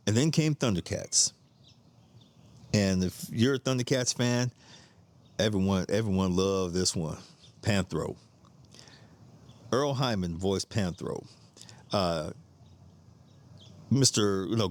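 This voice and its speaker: A middle-aged man with a lowish voice, hosting a podcast and telling stories in a loose, rambling way. He repeats himself as he goes, laughs easily, and swears casually. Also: slow pace, long pauses. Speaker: podcast host. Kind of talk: casual storytelling monologue.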